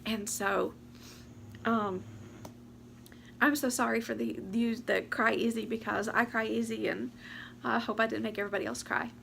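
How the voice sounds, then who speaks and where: A woman, talking to camera about her year. She rambles, talks fast and fights back tears. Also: a little high, steady tone, gravelly, fairly bright tone, slight background noise. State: teary, close to crying. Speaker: vlogger. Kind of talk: casual chat to camera. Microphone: camera or phone mic.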